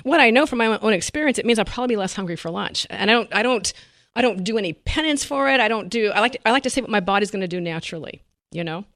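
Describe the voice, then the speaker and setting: A woman dietitian being interviewed, speaking at a rapid clip and bursting into laughter as she acts out her patients' lines. Her voice sits at a middle pitch and is recorded close in a dry, dead room. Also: no room sound. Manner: animated, laughs often, acts out quotes. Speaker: dietitian guest. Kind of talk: conversational interview.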